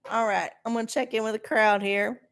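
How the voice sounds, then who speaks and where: A woman's voice: fairly high pitch, fairly even intonation, normal speed, fairly bright tone. Brash, foul-mouthed middle-aged woman. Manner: blunt, sarcastic, swears freely. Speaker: livestream host. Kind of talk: profane ranting chat.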